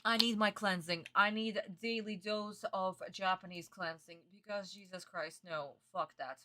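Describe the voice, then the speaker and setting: A young woman reacts to a dubbed cartoon on a stream in casual, exasperated chat with plenty of swearing and laughter. Her voice is bright and forceful, at a middle pitch for a woman. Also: fairly even intonation, unhurried. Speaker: streamer reacting to an anime dub.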